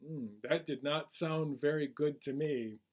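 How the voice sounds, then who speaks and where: A man reading a folk tale aloud at a children's storytime, animated and asking listeners questions. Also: a little high, unhurried.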